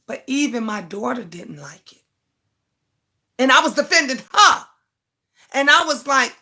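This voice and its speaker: An older woman hosts a casual livestream in a high, pushed and bright voice, lively in intonation and at a normal speed. She talks bluntly, repeats words for emphasis and reads viewer comments aloud.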